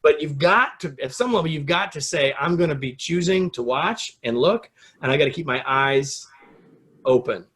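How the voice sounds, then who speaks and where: Middle-aged American man, interview guest, slightly high voice, animated storyteller. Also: moderate pace. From United States. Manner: animated storyteller, acts out quotes with rising pitch.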